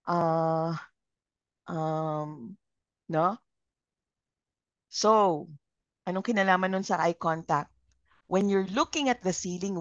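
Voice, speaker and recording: A woman's voice: on the low side, dry recording. A woman with a Filipino accent leading a live communication training, engaging the group with questions. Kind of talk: live training session, Taglish. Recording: dull lo-fi sound.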